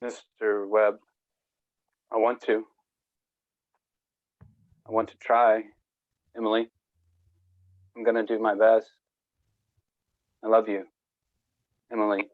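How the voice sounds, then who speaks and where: A man's voice: lowish voice, level tone, slow pace, long pauses, no echo. A man playing a nervous young groom who talks earnestly to his mother and bride, over dull video-call audio. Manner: anxious and pleading, then earnest.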